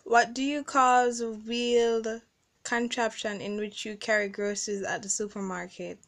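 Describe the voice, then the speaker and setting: A woman's voice: on the high side, level tone, moderate pace, a bit bright. A young woman from the Caribbean with a Caribbean English accent, chatting casually in a vlog recorded on her phone and reading out word lists. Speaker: vlogger.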